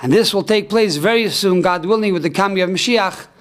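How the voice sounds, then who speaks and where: A middle-aged man, a rabbi telling a story in a sermon with emphatic, slowing cadences. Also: high voice. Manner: storytelling, rising to emphatic cries and slowing for solemn lines. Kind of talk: sermon on the weekly Torah portion.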